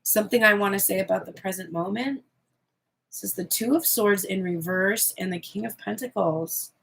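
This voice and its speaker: A woman giving a channeled tarot reading in a candid, expressive way, swearing freely as she speaks. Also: medium pitch, normal speed, vocal fry, a little hiss or hum. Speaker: tarot reader.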